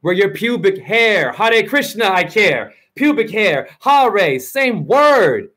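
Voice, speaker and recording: A man's voice: sits high, very animated, takes it slowly, fairly bright tone. A man hosting his own video channel, delivering a rambling spoken-word freestyle monologue full of rhyming free-association wordplay and preachy advice.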